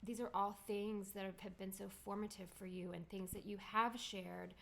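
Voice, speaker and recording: A soft-spoken woman talks at home, the author's wife, with a heartfelt, tearful manner. She chats casually, then reads a chapter aloud in a gentle voice. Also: medium pitch, flat delivery, moderate pace, creaky. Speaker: author's wife, guest reader.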